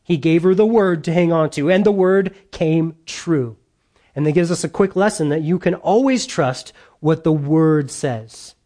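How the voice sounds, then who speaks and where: A man's voice: a little high, unhurried, dark tone. A male pastor preaching a conversational sermon, repeating key lines for emphasis.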